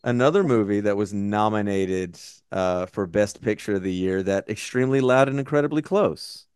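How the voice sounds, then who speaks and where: A man's voice: on the low side, normal speed, a little mellow, clean tone, no room sound, studio quality. A man co-hosting a podcast, chatting casually about a movie in a blunt, profane, rambling way. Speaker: podcast co-host. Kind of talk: casual movie-review chat.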